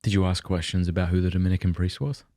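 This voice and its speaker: A man hosting a podcast interview, speaking softly in short questions and brief listening sounds. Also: low voice, level tone, quick pace, no room sound, studio quality. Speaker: podcast host.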